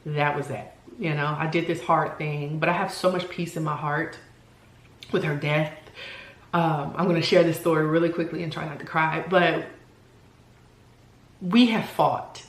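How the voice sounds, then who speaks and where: Earnest woman in her forties, lowish voice. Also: fairly even intonation, unhurried, pauses often, reverberant. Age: 40s. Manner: earnest, heartfelt, searching for words. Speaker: vlogger. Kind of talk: candid personal vlog talk.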